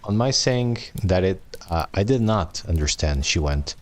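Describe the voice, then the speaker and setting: Deep-voiced man reading aloud, stumbling. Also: lively intonation, unhurried, few pauses. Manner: stumbles over long words, joking asides. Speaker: streamer reading a novel aloud. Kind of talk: casual live read-aloud with asides.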